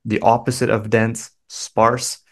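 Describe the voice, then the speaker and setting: Canadian guy talking slow n clear for learners, lowish voice, careful explainer. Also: little pitch movement. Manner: measured, thoughtful, explains carefully. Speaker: guest English teacher.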